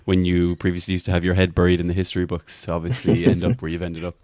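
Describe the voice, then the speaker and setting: A man from Ireland hosting a fan podcast, asking relaxed, friendly questions. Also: low-pitched, quick pace. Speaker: podcast host. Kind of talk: casual podcast chat.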